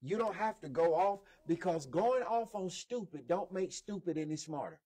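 Guy preaching a sermon, high voice, repeats stuff, gets the crowd to answer back, so-so mic. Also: animated, moderate pace, warm tone. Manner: emphatic, repeats key lines, call-and-response with listeners. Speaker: preacher and lead instructor. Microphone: modest microphone.

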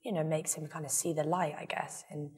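A woman's voice: low-pitched, steady tone, a little fast, darkish tone, husky, big-room sound. A woman in her twenties, the guest in a casual interview, rambling with lots of fillers. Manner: rambling, filler-heavy, self-deprecating.

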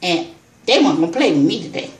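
A woman vlogger telling an excited personal story, exclaiming, repeating herself and calling her viewers y'all. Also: lowish voice, fast talker, echoey room.

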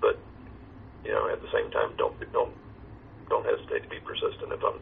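A man who is a pastor, talking earnestly and in a measured way over a call, heard through a phone line. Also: rumbling low, flat delivery, gravelly. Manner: earnest, measured, reciting a hymn slowly. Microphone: phone or video call. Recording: tinny phone line with faint noise.

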